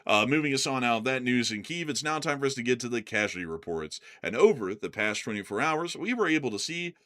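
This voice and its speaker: A man's voice: mid-range voice, lively intonation, quick pace, fairly bright tone. A man hosting a livestream, giving casual news commentary in a jokey, loose way and stumbling over words now and then. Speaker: host of a war news livestream.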